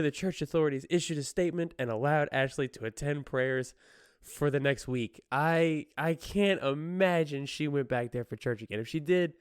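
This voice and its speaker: A man's voice: fairly high pitch, clean tone, no room sound, studio quality. Laughing man hosting a solo podcast. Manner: laughs often while retelling a news story. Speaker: podcast host. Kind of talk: casual solo podcast commentary.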